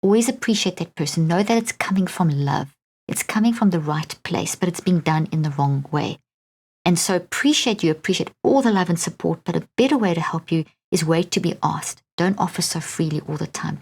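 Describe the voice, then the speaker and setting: A woman's voice: fairly low pitch, fairly quick, gravelly, darkish tone, husky. A middle-aged woman with a South African accent hosting a solo podcast, talking in an earnest, coaching way and often checking in with "okay?". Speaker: podcast host.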